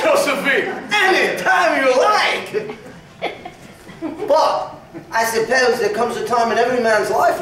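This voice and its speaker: A man's voice: very high voice, fairly bright tone, a little hiss or hum, exaggerated voice. A man playing a brash young working-class London man, cheeky and boastful, laughing a lot as he talks on a stage. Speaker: stage actor. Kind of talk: live musical theatre acting. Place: theatre stage. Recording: echoey theatre stage from far off, with band music.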